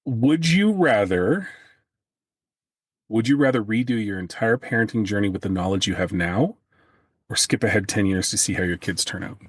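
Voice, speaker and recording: A man's voice: lowish voice, fairly even intonation, fairly quick, breathy edge, dry recording, studio quality. A man co-hosting a podcast, chatting casually and joking. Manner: joking, teasing. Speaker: podcast co-host. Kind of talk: casual chat.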